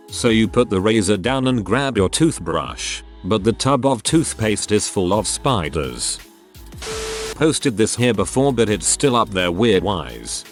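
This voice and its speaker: Man narrating stories, lowish voice, faint music underneath. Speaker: narrator reading forum posts. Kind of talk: scripted narration.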